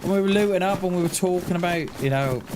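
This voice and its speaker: A man's voice: high-pitched, quick pace. A man streaming a survival game, chatting casually and rambling through a story as he plays, often correcting himself mid-sentence. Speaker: gaming streamer. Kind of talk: casual chat while playing. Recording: noisy stream audio.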